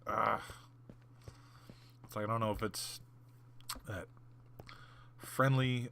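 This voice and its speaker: A man with a lowish voice talks casually over gameplay as a gaming channel host, rambling through a story with plenty of fillers and restarts. He sometimes drops into muttered whispered asides. A clear background hiss runs under the recording. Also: a little slow, long pauses.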